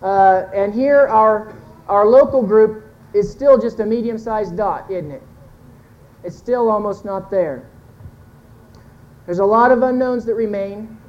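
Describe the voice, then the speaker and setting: A woman's voice: medium pitch, a little slow, long pauses, dull audio. A woman giving a folksy, earnest sermon-style talk to a church congregation, pointing to a chart and correcting herself as she goes. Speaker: church speaker teaching with a chart.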